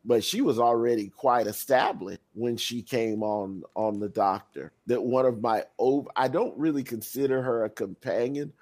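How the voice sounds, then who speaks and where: A man in a casual podcast chat, talking enthusiastically and rambling along with lots of fillers. His pitch sits at an ordinary middle level for a man. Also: moderate pace, hardly any pauses, darkish tone. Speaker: podcast co-host.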